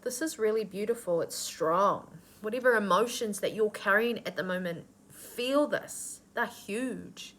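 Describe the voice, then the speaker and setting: A woman speaks in an unhurried, drawn-out way as she channels a spiritual reading. Her tone is earnest and nurturing, with casual swearing among the affirmations. Her pitch sits in the middle of the range. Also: a bit bright. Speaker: intuitive reader.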